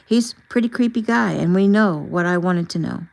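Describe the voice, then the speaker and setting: A woman narrator voicing a calm, protective male federal agent who speaks steadily and reassuringly. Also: high voice, normal speed, creaky.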